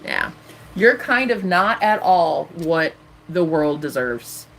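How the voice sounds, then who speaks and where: A woman's voice: fairly low pitch, sing-song, slow, fairly bright tone, a little hiss or hum. A woman in her thirties ranting defiantly on a live stream as a tarot reader. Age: 30s.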